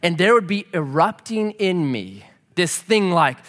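Animated, bright-voiced male pastor preaching. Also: high-pitched, moderate pace. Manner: animated, acts out quotes in shifting voices. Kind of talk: sermon. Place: church.

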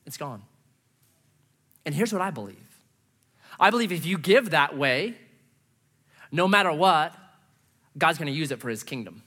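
A middle-aged male pastor preaching from the stage, telling stories on himself with self-mocking humor. His fairly high, bright voice swings widely in pitch as he acts out his own reactions. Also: expressive, moderate pace, pauses often. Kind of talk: sermon with personal storytelling. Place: church stage.

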